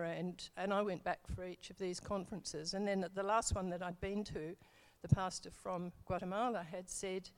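A woman's voice: lowish voice, darkish tone. A middle-aged woman telling her church testimony in a casual, rambling way, full of fillers and self-corrections.

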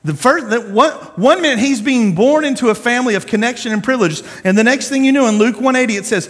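Male preacher, high and animated, chatty slang-filled sermon, long hall reverb. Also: a little fast. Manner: animated, conversational, slangy storytelling. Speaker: pastor.

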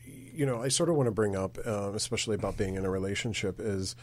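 A man hosting a podcast interview, asking questions haltingly with many fillers. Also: fairly low pitch, a little mellow. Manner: halting, many "um" and "you know". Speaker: podcast host.

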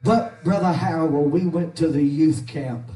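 A pastor who preaches a holiness sermon, shouting with rhythmic, rising cadences and growing short of breath. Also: male voice, a little high, measured pace. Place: church sanctuary. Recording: echoey church, mic at a distance.

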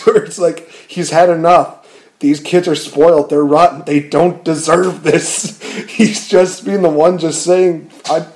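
Male podcast host, casual movie chat, warm, slightly raised voice, rambling delivery. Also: a little high. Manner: rambling, animated, with frequent fillers and restarts.

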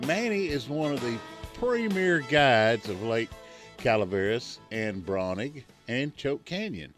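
A man's voice: mid-range voice, very animated, a little slow, a bit bright, soft background music. A man hosting a radio show, talking in a folksy, easygoing and chatty way. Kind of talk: casual radio chat. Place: radio studio. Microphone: studio microphone. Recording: dry studio sound.

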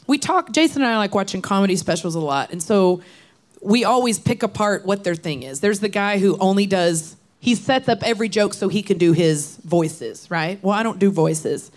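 A woman's voice: mid-range voice, animated, normal speed. A woman, chatting casually as a guest. She rambles from story to story, laughing as she goes off on tangents. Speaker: guest singer-songwriter.

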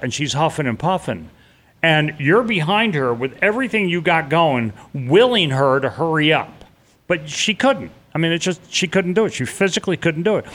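A man's voice: a little high, fairly bright tone. Middle-aged new guy telling his escape story, earnest, keeps restarting, does the voices of people around him. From New York. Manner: earnest, halting retelling with frequent restarts, acting out remembered voices. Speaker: interviewee recounting a disaster escape. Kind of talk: personal storytelling in conversation.

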